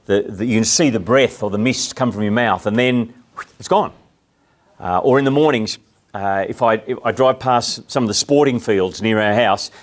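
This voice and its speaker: A middle-aged Australian man speaks to a live audience in an easy, conversational way. He keeps asking his listeners questions and pauses to explain ideas. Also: medium pitch. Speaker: speaker giving a talk.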